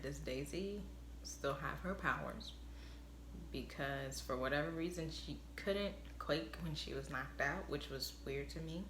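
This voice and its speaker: A woman's voice: low-pitched, fairly bright tone, a little hiss or hum. A woman chatting through a casual spoiler recap of a TV episode, rambling and leaning on "like" and "obviously". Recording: roomy echo.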